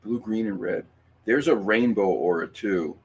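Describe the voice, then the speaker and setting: With a lowish, slightly breathy voice and a measured pace, a man hosts a casual livestream and reads viewer comments aloud. He talks in a rambling, emphatic way, with frequent fillers, restarts, and swearing.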